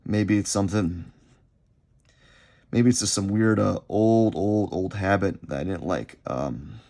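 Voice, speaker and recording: Rambling gravelly man sketching. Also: low-pitched, warm tone. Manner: rambling, halting, repeats himself. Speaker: artist vlogger. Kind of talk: unscripted casual chat while sketching.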